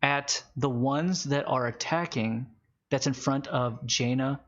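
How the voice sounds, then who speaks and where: A man running a tabletop game as game master, narrating with wry, halting asides. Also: medium pitch, dull audio.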